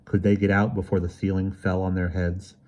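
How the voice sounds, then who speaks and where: A man reading a children's mystery novel aloud in steady, measured narration. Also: sits low. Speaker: audiobook reader. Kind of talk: storybook narration.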